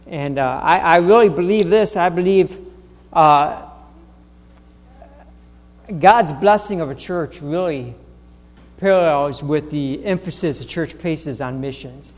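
In a church sanctuary, a high-voiced male pastor delivers a sermon that rings with long hall reverb. He speaks haltingly, often restarting phrases and filling gaps with "uh" and "um." As he goes on, he presses his points more emphatically and insistently.

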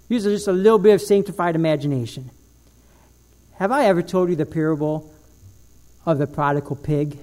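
High-voiced pastor preaching a sermon. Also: male voice. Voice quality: animated storytelling, with slow, dramatic drops to a low voice.

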